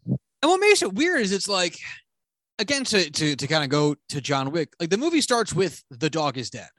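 A man's voice: on the high side, normal speed, dry recording. A man co-hosting a podcast, chatting casually about a film in a rambling, profane way. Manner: rambling, profane, animated retelling. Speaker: podcast co-host. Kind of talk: casual movie review chat.

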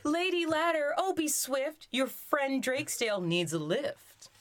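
A woman's voice: high voice, sing-song, measured pace, fairly bright tone, a little hiss or hum, voice pushed up, exaggerated voice. A woman doing a plucky, stubborn male duck from a storybook who chants his pleas in rhyme. The voice sits well above her own and swoops up and down. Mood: sing-song pleading. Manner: sing-song rhyming calls.

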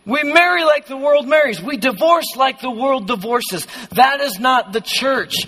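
A youth pastor preaching a conversational, passionate sermon in a church hall. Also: male voice, extremely high pitch, animated, a little slow, pushed and bright. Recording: long hall reverb.

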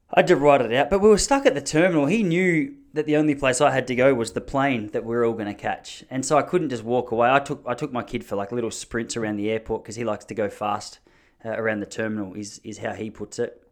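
A man's voice: medium pitch, a little fast. A man in his thirties with an Australian accent, hosting a podcast and telling rambling, jokey stories in a casual chat. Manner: chatty, rambling, jokey storytelling. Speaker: podcast host.

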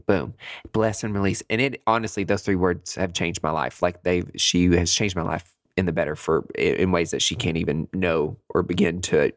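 A man hosting a podcast on his own, telling a story casually and with animation, swearing freely and jumping up in pitch to make a point. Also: dry recording, clean studio sound. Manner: animated, chatty, swears freely, jumps high in pitch for emphasis. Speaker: podcast host.

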